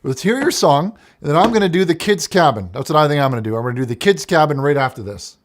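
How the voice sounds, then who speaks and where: A man's voice: fairly high pitch, expressive, fast. A man hosting a call-in show, chatting casually with callers and teasing them in a dry, unflappable way. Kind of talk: casual radio chat.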